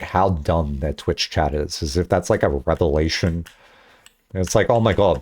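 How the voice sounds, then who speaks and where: A young man streaming and chatting casually, rambling through stories with lots of swearing and laughter. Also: lowish voice. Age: young adult. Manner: rambling, profane, laughs often, animated storytelling.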